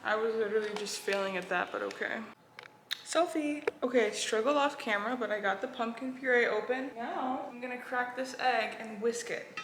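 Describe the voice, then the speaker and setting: A vlogger cooks in her home kitchen and chats with viewers, chatty and self-deprecating. She speaks at a normal speed in a fairly high, fairly bright voice. The echoey room carries clattering dishes and slight background noise.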